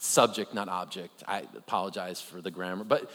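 A man preaching a conversational sermon, animated, with joking asides and rhetorical questions. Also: on the high side, fairly quick. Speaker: pastor. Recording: long reverb of a large hall.

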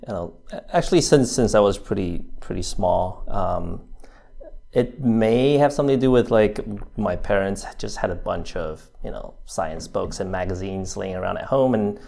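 Low, gravelly man in a relaxed interview. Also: normal speed. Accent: American. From New Zealand. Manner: hesitant, lots of fillers and restarts. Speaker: interview guest. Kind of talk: casual interview.

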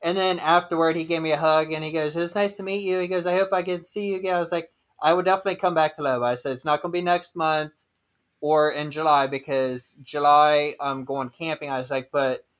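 A man's voice: a little high, flat delivery, brisk, fairly bright tone. Chatty man swapping event stories. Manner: chatty storytelling, swears freely. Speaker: podcast co-host. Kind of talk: casual chat.

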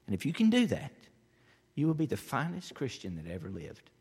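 A man preaching a sermon with passion, building to loud emphatic peaks and then dropping low and quiet. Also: huge pitch swings, brisk, slightly rough. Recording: long hall reverb.

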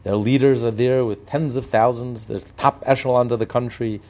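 A man's voice: medium pitch, fairly even intonation, normal speed, darkish tone. A man giving impassioned commentary on politics and morality, driving his points home with repeated rhetorical lists. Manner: emphatic, repetitive rhetorical lists.

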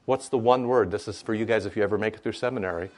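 A man's voice: lowish voice, racing, a little mellow. A man preaching a conversational sermon, tagging "right?" onto his points and making joking asides to the congregation. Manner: conversational, frequent "right?" tags. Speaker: pastor.

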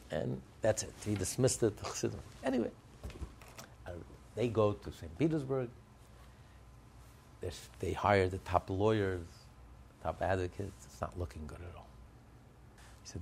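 A man telling a Hasidic story to a group, acting out the characters with lively shifts and the odd laugh. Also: lowish voice, gravelly, husky. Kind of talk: storytelling talk.

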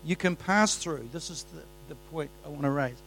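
A man preaching a sermon in a church, exuberant, swinging between soft asides and loud, excited bursts. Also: a little high, fairly quick, a little hiss or hum, poor audio.

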